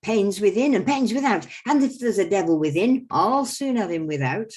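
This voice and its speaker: A woman's voice: medium pitch, animated, normal speed, a little mellow, voice pushed up, close to an everyday voice. A woman voicing a comic, boastful quack doctor from a folk mummers' play, reeling off rhymed claims of cures. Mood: boasting. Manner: rattling off rhymed boasts, showman patter.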